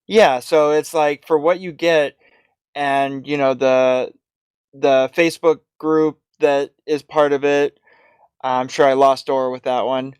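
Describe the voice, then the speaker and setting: A man's voice: mid-range voice, little pitch movement, a little slow, a little mellow, smooth, no room sound, clean studio sound. A man co-hosting a casual tech podcast, talking hesitantly with frequent restarts. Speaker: podcast co-host.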